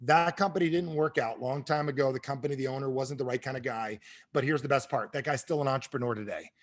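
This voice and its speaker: A middle-aged man giving a motivational sales talk to an audience, telling stories quickly and with animation. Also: mid-range voice. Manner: fast-talking, animated storyteller. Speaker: sales trainer and speaker.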